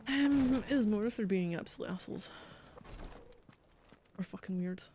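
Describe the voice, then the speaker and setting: A woman streams a video game and chats casually with her viewers. She talks bluntly, and her speech is full of swearing. Her voice sits at a middle pitch. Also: moderate pace, mellow, slight background noise. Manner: blunt, profane and chatty. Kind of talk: casual livestream commentary.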